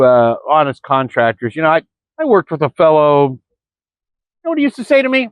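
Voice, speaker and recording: A man's voice: on the high side, lively intonation, brisk, smooth, dry recording. A man in a rambling vlog monologue, stumbling over words and calling his listeners "folks.". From Florida. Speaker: vlogger. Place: early morning, indoors or near the camera. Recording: dry, dull lo-fi sound.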